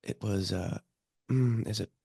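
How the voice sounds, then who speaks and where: Slow deep-voiced reflective man. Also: creaky, warm tone, slightly rough, no echo, studio quality. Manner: slow, reflective, hesitant with fillers. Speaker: podcast guest. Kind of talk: casual conversation.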